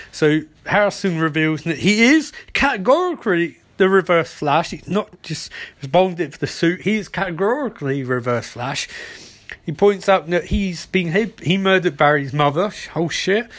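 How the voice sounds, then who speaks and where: A man giving a casual, excitable recap of a TV episode, often exclaiming and swearing, and dropping his voice low for dramatic moments. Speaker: TV episode reviewer.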